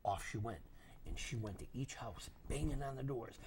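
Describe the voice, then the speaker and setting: Older male storyteller for kids, lively pitch swings, slightly husky, dramatic delivery. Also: normal speed. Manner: animated, dramatic, with acted voices and whispers. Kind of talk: storytelling to children.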